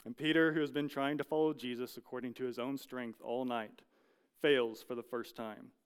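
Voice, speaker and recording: A man preaching a sermon, telling a story with earnest, measured delivery and dramatic pauses. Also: medium pitch, steady tone, clean tone. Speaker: pastor.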